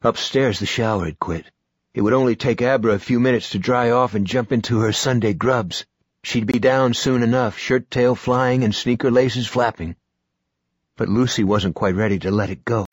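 A male audiobook narrator tells the story in a measured, even way. His voice is mid-pitched with a husky texture. The recording is close and dry, with no room sound. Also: no room sound. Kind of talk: scripted narration.

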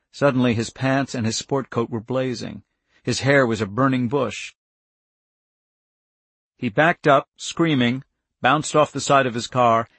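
Husky-voiced male narrator, dramatic tense read, mid pitch, dry close recording. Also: a bit bright, dry recording. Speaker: audiobook narrator. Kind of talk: scripted audiobook narration.

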